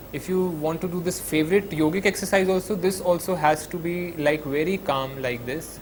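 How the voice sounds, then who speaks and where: A man's voice: a little high, background noise. Conversational Indian man giving student advice. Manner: conversational, with many "you know" fillers and Hindi phrases mixed in; slows down to demonstrate calm breathing. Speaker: psychologist giving a talk.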